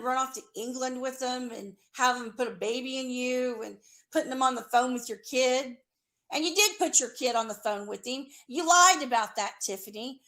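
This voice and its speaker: A woman's voice: high voice, a bit bright. A woman delivering an accusatory, profane, sarcastic rant straight at someone. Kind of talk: angry confrontational rant.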